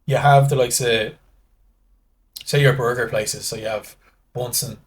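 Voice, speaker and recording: A man's voice: medium pitch, fairly even intonation, measured pace. A man with a Dublin Irish accent, a guest in casual podcast chat, rambling through stories full of restarts and acted-out dialogue. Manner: rambling storyteller acting out dialogue, many restarts.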